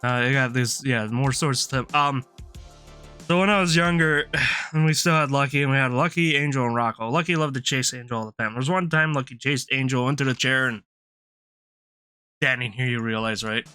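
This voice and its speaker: A man's voice: mid-range voice, a little fast, sharp tone, clear, resonant tone, dry recording, faint music behind. A man streaming live, telling a long rambling story in casual chat, laughing often and restarting his sentences.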